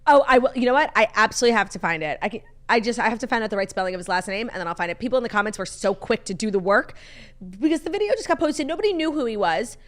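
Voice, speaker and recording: A young woman co-hosting a chatty podcast, her voice sitting a little high and swooping lively up and down. She tells gossip in long runs full of "like"s. The talk is loose and animated. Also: racing. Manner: gossipy, animated storytelling with many "like"s. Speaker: podcast co-host. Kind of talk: casual chat.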